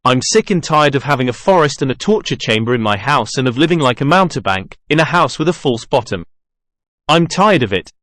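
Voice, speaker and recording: A man's voice: mid-range voice, lively intonation, brisk, fairly bright tone, dry recording, clean studio sound, natural voice. A man reading the part of a masked, lonely male genius, by turns brooding and boastful in a theatrical way. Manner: theatrical, wheedling then boastful.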